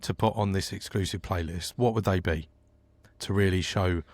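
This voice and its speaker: Brief: quick-talking male podcast host, lowish voice, dry close mic. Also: steady tone, darkish tone, no echo. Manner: fast-talking, laughs often. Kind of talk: casual interview chat.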